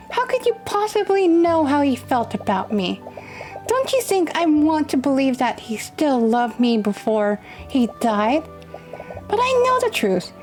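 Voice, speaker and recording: A woman voicing a grieving young woman in a game, high and strained, close to tears. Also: a little mellow.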